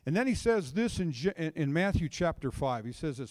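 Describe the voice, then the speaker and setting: Middle-aged male counselor preaching, fairly high voice, dry close sound, chatty storyteller who keeps checking in with the crowd. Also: very animated, a little fast, hardly any pauses, no room sound. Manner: conversational, draws the audience into call and response; storytelling, checks in with "okay?" and "right?". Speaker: counselor giving a church message. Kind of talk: sermon.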